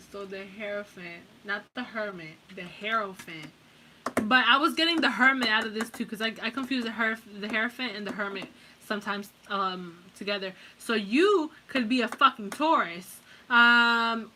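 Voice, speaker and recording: A tarot reader does a casual pick-a-card reading in a slightly high, bright, forceful voice. She speaks bluntly and with heavy profanity, rambling through restarts and fillers while addressing the viewer directly.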